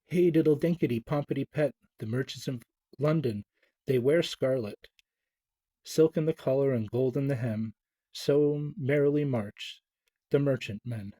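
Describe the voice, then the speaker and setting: A man's voice: unhurried, no room sound, natural voice. A man voicing a chorus of tiny cheeky mice, reading their rhymes in a raised, sing-song way. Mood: merry. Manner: sing-song, higher and louder.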